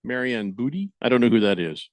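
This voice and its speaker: A man hosting a sports radio show, chatting in a wry, rambling way. His pitch swings widely as he talks. The studio sound is dry and close, with no room echo. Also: lively intonation, brisk. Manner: rambling, wry, reads listener chat comments aloud. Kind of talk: casual sports radio chat.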